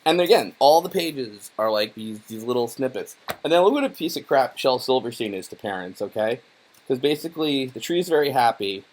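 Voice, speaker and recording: A young man talks over a children's book in a loose, rambling way, full of "like" and "right?" and dropping curse words as he mocks the story. His voice sits at an ordinary middle pitch for a man. He sounds like a casual online creator doing an offhand, sarcastic commentary. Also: animated, brisk, slight background noise. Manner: irreverent, profane, rambling with many fillers. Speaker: YouTuber reviewing a children's book.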